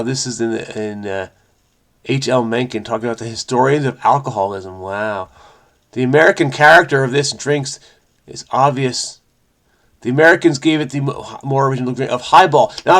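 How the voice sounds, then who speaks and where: Gravelly, excitable crossword host. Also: male voice, mid-range voice. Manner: frenetic, rambling, self-interrupting. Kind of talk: casual solo commentary.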